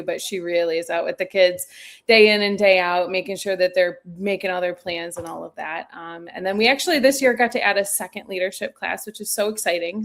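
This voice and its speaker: A woman's voice: lowish voice, gravelly. A woman in her thirties, a school counselor, chatting as a guest in a live webinar interview over a video call, laughing easily and restarting her sentences.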